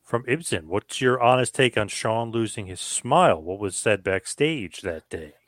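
A man's voice: lowish voice, expressive, normal speed, fairly bright tone, dry recording, studio quality. A man hosting an interview, asking plain, direct questions.

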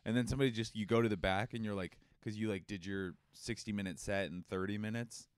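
Playful low-voiced male podcast co-host. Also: fairly even intonation, fast talker, smooth, dry recording. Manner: joking, rambling, playful. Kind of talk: casual comedy podcast chat.

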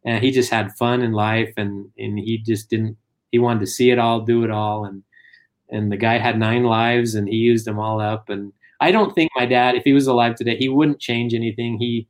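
A middle-aged man tells stories in a relaxed conversational way, slipping into the voices of the people he quotes. His voice sits at an ordinary pitch for a man. He keeps a steady, chatty flow. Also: moderate pace. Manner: animated anecdotes, acts out quotes. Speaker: guest. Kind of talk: casual storytelling.

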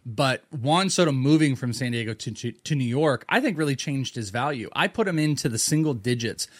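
A man's voice: medium pitch, lively intonation, fairly quick, slightly rough, dry recording. Stat-heavy podcast guy, trips over words a bit, dead dry sound. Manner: analytical, stat-heavy, small stumbles. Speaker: podcast co-host. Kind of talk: casual sports chat.

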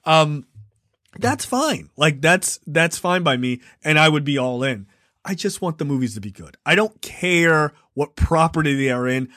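A man's voice: a little high, big pitch swings, a little slow, pushed and bright, dry recording, clean studio sound. A man co-hosting a podcast in casual chat, rambling and emphatic, often laughing. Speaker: podcast co-host.

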